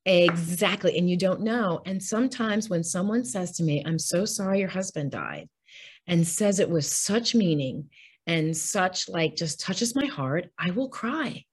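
This is a woman with a slightly low voice, talking in a candid interview as a guest author. She speaks earnestly and from the heart, in a plain conversational way. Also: animated, measured pace, breathy edge. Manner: earnest, heartfelt, speaks openly about grief.

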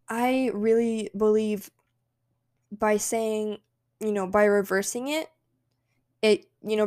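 Speaking somewhat high with a darkish tone, a young woman runs a solo podcast. Her delivery is casual, chatty and emphatic as she pumps up herself and the people listening.

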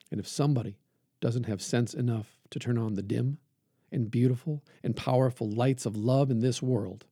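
A male preacher talking earnestly with measured pauses, then reading a sermon aloud with rising emphasis. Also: medium pitch, mellow, slightly rough, dry recording, clean studio sound. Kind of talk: podcast reflection and sermon reading.

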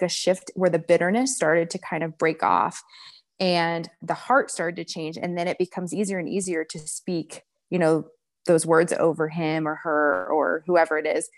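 A woman's voice: lowish voice, dry recording. A woman in her thirties, a guest on a casual faith podcast, speaking in an affirming way with many fillers. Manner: warm affirming, frequent "like" and "you know".

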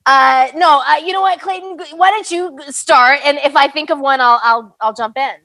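A woman's voice: high voice, normal speed, sharp tone, no room sound. A woman, an actress, answering in a casual interview chat with a hesitant, laughing, self-deprecating manner.

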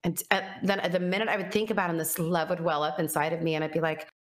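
This woman speaks fast, her lowish voice holding a steady tone. Earnest and reflective, she chats casually through her personal story, filling it with fillers and thoughts she quotes aloud.

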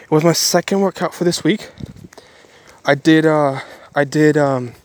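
Man, casual daily vlogger, earnest and rambling, voice a bit high. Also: unhurried, dry recording. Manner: rambling, self-correcting, earnest. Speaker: Christian vlogger.

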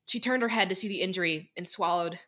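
A woman's voice: lowish voice, fast talker, sharp tone. A young woman narrating an audio drama and voicing several characters with emotion. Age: young adult. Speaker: narrator and voice actor. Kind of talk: fan audio drama reading.

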